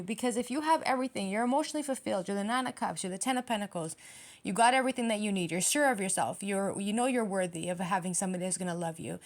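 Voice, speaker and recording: A woman giving a casual tarot reading, talking bluntly with lots of swearing and emphatic rhetorical questions. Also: on the high side. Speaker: tarot reader.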